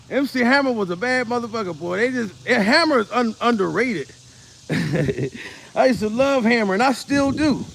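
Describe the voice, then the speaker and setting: A man's voice: extremely high pitch, expressive, moderate pace, creaky, a bit bright. A man in his forties, a comedian, ranting casually to camera. He is profane and rambling and laughs often. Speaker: comedian vlogger.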